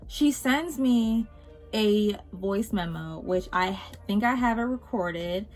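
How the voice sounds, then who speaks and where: An animated young woman vlogger tells a casual storytime as she does her makeup. She swears freely and swings between loud exasperation and low, muttered asides. Her pitch sits mid-range, with faint music playing underneath. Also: takes it slowly.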